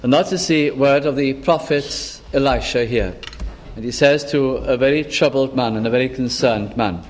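A man preaching a sermon, slow and deliberate, repeating key phrases for emphasis. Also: mid-range voice, a little hiss or hum.

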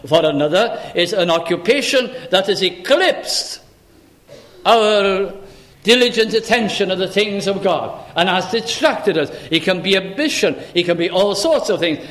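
An older man preaching a sermon in an earnest voice. He uses old-fashioned biblical phrasing, rises sharply on pleading calls and drops low and soft between them. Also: lively intonation, normal speed.

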